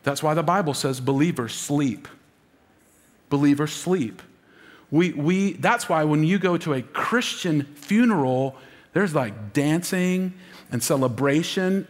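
A man's voice: on the high side, measured pace, in a large hall. A man preaching an Easter sermon as lead pastor, emotional and calling on the congregation to answer back. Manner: emotional, preaching with audience call-and-response.

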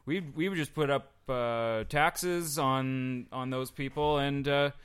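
A man putting on a loudmouthed, pompous British man with an attempted Cockney accent, blustering and self-important. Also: mid-range voice, steady tone, slow, smooth, voice pushed up.

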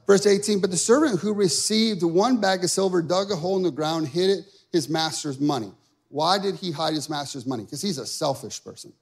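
A middle-aged male pastor preaching a sermon, shifting between loud, impassioned calls and quiet, chatty storytelling with asides to the congregation. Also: a little high, creaky.

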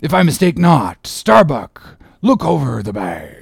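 A man voicing a stern, brooding old sea captain who talks in a gruff, commanding way and mutters at times. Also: fairly high pitch, wildly swooping pitch, measured pace, no room sound, studio quality, voice pushed up, heavily acted.

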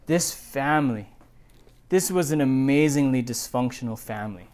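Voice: mid-range voice, expressive, normal speed, darkish tone. Emphatic pastor preaching a sermon. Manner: emphatic, builds lists of words, asks rhetorical questions. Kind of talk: sermon with scripture reading.

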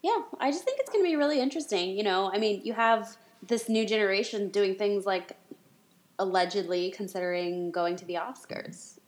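A woman co-hosting a podcast in casual chat, animated and quick to speed up, with frequent chatty asides. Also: mid-range voice. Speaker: podcast co-host.

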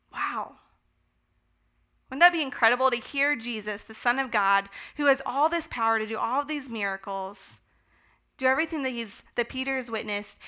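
Bright, upbeat woman teaching the Bible. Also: a little high. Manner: enthusiastic, conversational, with fillers. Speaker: speaker teaching a Bible study. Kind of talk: sermon-style Bible teaching.

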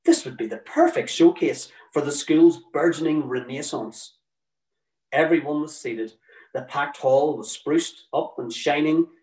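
A man's voice: fairly high pitch, lively intonation, unhurried, a little mellow, roomy sound, far from the mic, poor audio. Wry man telling a story. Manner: dry, wry storytelling with acted quotes. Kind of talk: told personal story, read aloud.

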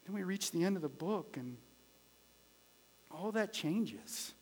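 A man, a pastor, preaching a sermon in a conversational way, swinging from loud, emphatic lines to quiet, hushed ones and repeating phrases for emphasis. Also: high voice, animated, takes it slowly. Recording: long reverb of a large hall.

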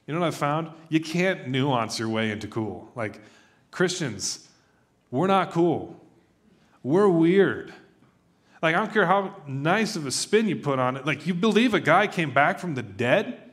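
A man's voice: fairly high pitch, a little slow. Conversational man preaching a sermon. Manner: conversational, animated, acts out quoted voices. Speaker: pastor.

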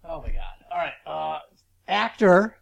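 A man's voice: on the high side, animated, a little slow, gravelly, a crowd in the background. A man co-hosting a podcast, playful and joking while running a trivia game. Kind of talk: casual podcast banter.

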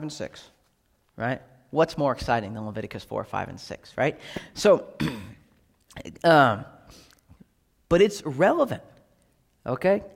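A man's voice: a little high, gravelly, in a large hall. A man preaching a sermon with emphasis, often checking in with the congregation with "right?". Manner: emphatic, repeatedly asking "right?". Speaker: pastor.

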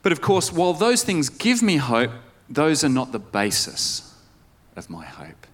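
A man's voice: fairly high pitch, wildly swooping pitch, measured pace. A male pastor preaching a conversational sermon, putting questions to the congregation. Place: church service.

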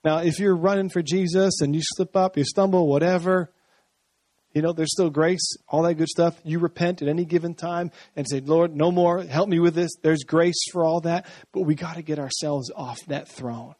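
A man preaching a sermon in a conversational, animated way, often acting out voices. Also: on the high side, moderate pace, dry recording.

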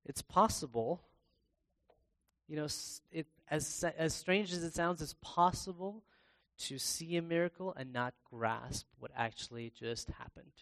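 Guy giving a sermon, talks it through casually, restarts a lot, reads verses out loud. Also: on the high side, a little slow. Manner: conversational, with many restarts and fillers, reads scripture aloud; bursts into loud, excited acted-out exclamations. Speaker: preacher.

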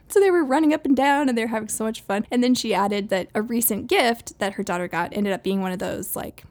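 A woman in her thirties hosts her own podcast in a chatty, cheerful way. She laughs easily and acts out quoted voices in her stories. Her pitch sits in the middle range for a woman. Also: a little mellow. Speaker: podcast host. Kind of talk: solo podcast chat.

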